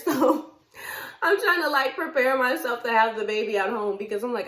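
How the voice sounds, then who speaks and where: A young woman vlogger telling a personal story in a casual, animated way. She laughs often and acts out the lines that people said. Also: high-pitched, normal speed. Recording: echoey room.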